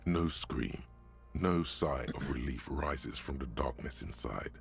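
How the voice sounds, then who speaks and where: A man narrating a game in a grave, measured, gravelly voice. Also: extremely low pitch, soft background music, heavily acted.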